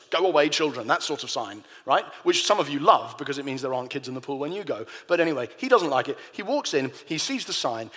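A man's voice: fairly high pitch, fairly bright tone, big-room sound. A pastor preaching a sermon in a conversational way, telling personal stories to his congregation.

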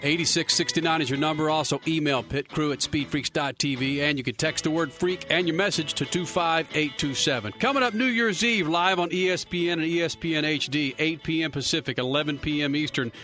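A man's voice: a little high, brisk, few pauses, music in the background. A man hosting a motorsport radio show, brash and joking, with lots of banter. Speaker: radio host. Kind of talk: loud casual radio talk.

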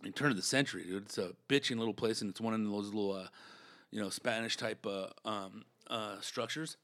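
A man's voice: on the low side, a little fast, a bit bright. A man who works as a comedian, from Southern California, telling stories in a laid-back, slangy way full of fillers. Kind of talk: casual storytelling chat.

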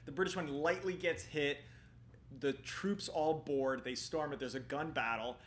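A man's voice: a little high, measured pace, fairly bright tone, slight background noise. A man casually retelling a history episode on a podcast, rambling with lots of fillers and restarts.

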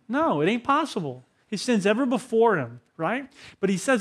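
A man's voice: high-pitched, lively intonation, moderate pace. A man in his thirties, a pastor, preaching a conversational sermon to a congregation and asking the room questions. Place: church hall with a congregation.

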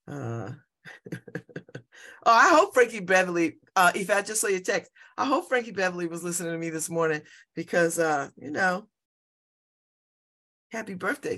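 A woman in her fifties hosts a show and talks casually to her listeners, rambling from one story to the next. Her voice is bright and forceful, and she laughs often and repeats herself as she goes. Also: fairly low pitch. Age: 50s. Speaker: show host. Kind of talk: casual personal chat.

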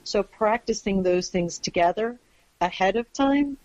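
A woman's voice: mid-range voice, unhurried, a little mellow. Earnest woman explaining, dull lo-fi sound. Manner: earnest, emphatic explaining with check-in questions. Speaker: guest expert on dogs and families. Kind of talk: podcast interview. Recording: dull lo-fi audio.

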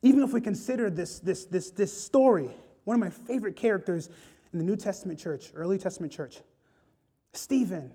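A man's voice: sits high, a little fast, dark tone, husky. A man preaching an impassioned sermon, rising and falling in intensity. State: choked up with emotion.

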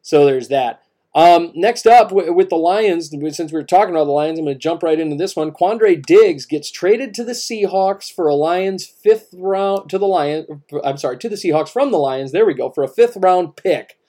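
Mellow-voiced man ranting about sports. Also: a little high, animated, normal speed. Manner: emphatic, repeats points, many restarts. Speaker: podcast co-host. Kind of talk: casual sports talk.

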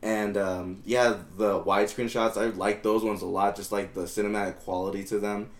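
A laid-back man co-hosting a podcast in a casual chat, swearing freely. His voice sits a bit low. The room has a roomy echo. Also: little pitch movement, normal speed. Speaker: podcast co-host.

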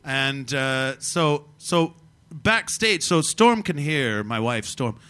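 A man's voice: mid-range voice, slow, smooth. A middle-aged man, a comedian guest, telling rambling comic stories in a casual chat and slipping into silly voices. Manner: rambling, animated, slips into silly put-on voices. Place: small backstage room at a festival.

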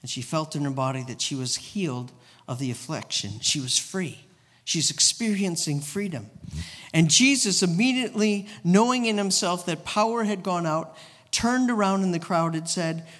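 A man's voice: high-pitched, moderate pace, a bit bright. A man, a guest pastor, preaching a sermon in a casual storytelling way, often restarting his sentences. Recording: long reverb of a church hall.

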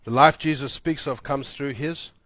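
A man preaching a sermon as pastor, repeating lines for emphasis, building loud and high, then dropping soft and low. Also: normal speed, no room sound. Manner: swells louder and higher when building to a point, then drops soft and low.

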